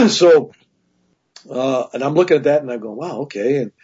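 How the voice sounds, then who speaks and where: Very husky man telling a rambling story. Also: medium pitch, big pitch swings, moderate pace, darkish tone. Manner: rambling, with frequent restarts and asides. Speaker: guest telling a personal story. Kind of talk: casual spoken storytelling. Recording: dull lo-fi recording.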